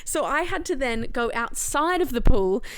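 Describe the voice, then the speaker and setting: A young woman co-hosting a book club podcast, telling a story in an animated, laughing way. Her voice sits a little high and sounds smooth and resonant. The recording is close and dry. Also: normal speed, no room sound. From Australia. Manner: animated, laughs often, acts out quotes loudly. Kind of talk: casual chat, storytelling.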